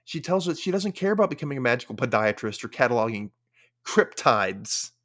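A young man hosting a podcast, casually recapping an episode with animated storytelling and wry quoted asides. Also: mid-range voice, very fast. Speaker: podcast host.

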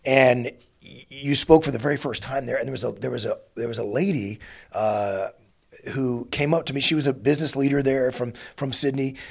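Gravelly middle-aged guy hosting a podcast, kinda husky, lots of restarts. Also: medium pitch. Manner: relaxed, halting with many restarts. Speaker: podcast host. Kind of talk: conversational interview.

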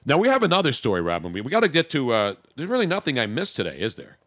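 A man's voice: mid-range voice, huge pitch swings, racing, a bit bright, no room sound, clean studio sound. A man hosting a talk radio show, bantering in a brash, joking way with crude asides.

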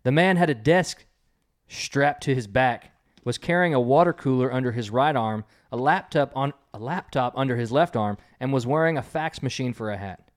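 A quiz host runs an informal game at home, reading jokes aloud and chuckling at his own lines in a loose, filler-heavy style. He speaks with a medium-pitched voice at normal speed.

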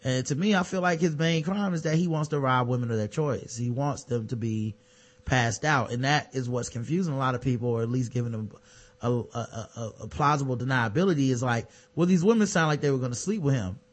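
In a casual podcast chat, a male co-host with a medium-pitched voice reads news items briskly, cutting in with sarcastic, profane remarks.

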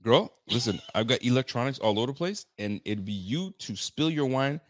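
A man hosting a casual sports podcast, joking and animated, talking in slang. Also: medium pitch, brisk, dry recording. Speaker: podcast host.

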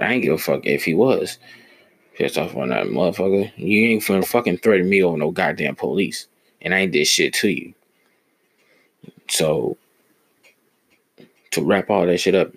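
Deep gravelly young man ranting. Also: dry recording. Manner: blunt, profane, heated storytelling. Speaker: podcast host. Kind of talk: casual solo podcast storytelling.

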